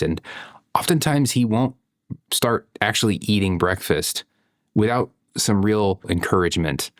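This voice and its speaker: A man in his thirties, a parent vlogger, delivers a reflective monologue in a low voice, conversational and full of "you know" and "right?". The studio sound is clean, with no echo.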